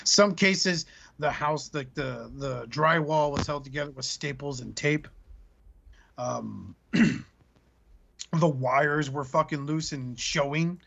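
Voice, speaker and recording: A male podcast host who tells jokey, profane stories in casual banter. His voice sits a bit high for a man. The audio is muffled and lo-fi. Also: takes it slowly, gravelly. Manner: joking, profane, animated storytelling.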